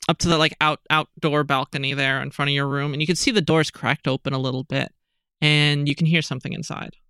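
A game master narrates a tabletop game, circling back with filler words and repeated phrases. The voice sits at a medium pitch, and the sound is dry and close to the mic. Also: level tone, brisk, sharp tone, smooth, dry recording.

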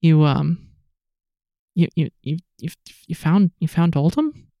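A kind, hesitant nurse sitting at a bedside, as a game master puts her on during a tabletop game. She stammers and restarts, trailing off into soft fillers. The sound is dry and close. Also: medium pitch, slow, creaky, no room sound, highs cut off.

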